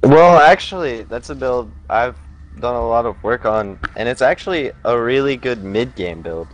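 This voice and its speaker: Relaxed young man explaining strategy. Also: mid-range voice, normal speed, low-quality recording. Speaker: player being interviewed. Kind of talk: casual chat. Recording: faint background noise.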